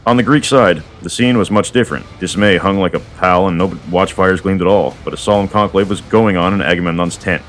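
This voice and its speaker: A man's voice: low-pitched, brisk, few pauses, a bit bright, faint music behind. A man retelling a myth in a loose, casual style with irreverent asides. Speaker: storyteller.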